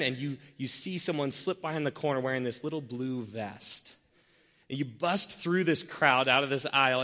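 Animated preacher man in a reverberant hall. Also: fairly high pitch. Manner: animated, acts out scenarios with changing voices. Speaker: pastor. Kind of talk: sermon with storytelling.

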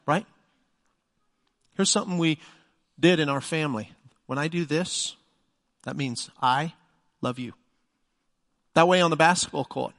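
Emphatic preacher in a reverberant hall. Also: male voice, a little high, a bit bright. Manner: emphatic, conversational preaching with rhetorical questions. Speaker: pastor. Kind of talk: sermon.

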